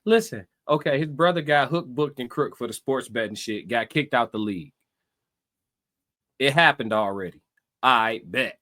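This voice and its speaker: A high-pitched young man comments on a podcast clip with loud, mocking energy. He leans hard on slang and breaks into laughter as he talks. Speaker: reaction commentator.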